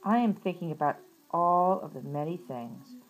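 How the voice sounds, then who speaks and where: A woman's voice: fairly low pitch, lively intonation, moderate pace, faint music behind, lightly acted, rough recording. A woman voicing a lazy, grumbling male toad in a children's storybook read-aloud, whiny and fond of putting things off. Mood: earnest.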